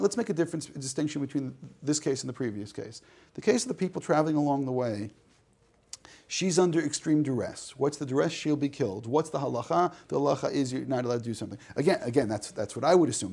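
A man's voice: medium pitch, vocal fry, a little mellow, breathy edge. A man teaching a class, reading a text aloud, translating it line by line and joking with the students. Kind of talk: classroom lecture.

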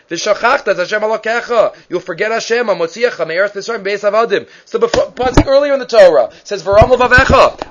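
A man giving a Torah class, telling a story and acting out the quoted people with lively restarts. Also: high voice. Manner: animated, acts out quotes, restarts often. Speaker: Torah teacher. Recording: dull lo-fi recording.

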